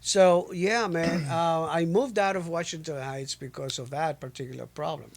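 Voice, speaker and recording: A man's voice: a little high, fairly even intonation, moderate pace, creaky, a little hiss or hum. A man hosting a radio show, chatting loosely with a guest, interjecting and laughing. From New York. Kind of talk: casual interview chat.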